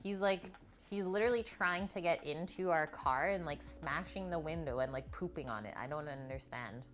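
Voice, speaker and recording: A woman's voice: sits low, moderate pace. Chatty woman hosting a cooking stream. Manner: chatty, reads viewer comments aloud, frequent "like". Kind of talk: live cooking demonstration with chat replies.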